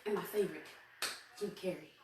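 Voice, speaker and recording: A woman chatting in an animated, slangy way, laughing as she tells a story. She sounds set back from the mic, in a room with a noticeable echo. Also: lowish voice, a little fast, far from the mic, background noise. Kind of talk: casual chat.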